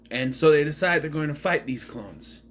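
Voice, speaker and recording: Male reviewer from Minnesota, lively pitch, casual, self-correcting, dry asides. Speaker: movie reviewer. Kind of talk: casual movie recap.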